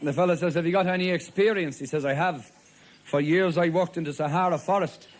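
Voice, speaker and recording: This is live stand-up from an Irish man with a fairly high pitch. Playing a policeman, he tells jokes deadpan, as stories packed with rapid one-liners, while the audience laughs faintly in the background.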